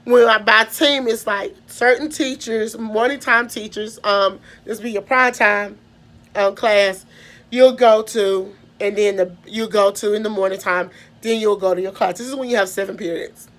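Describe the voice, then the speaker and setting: A woman's voice: medium pitch, steady tone, normal speed, a bit bright. A woman from Mississippi with a Southern American accent, telling a personal story in a rambling way, full of restarts and trailing "da, da, da" fillers. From Mississippi, USA. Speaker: vlogger.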